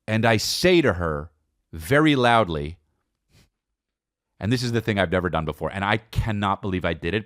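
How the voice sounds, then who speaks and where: A man co-hosting a podcast, telling a comedic story in an animated, profane, self-mocking way. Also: on the low side, dry recording, studio quality. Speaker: podcast co-host.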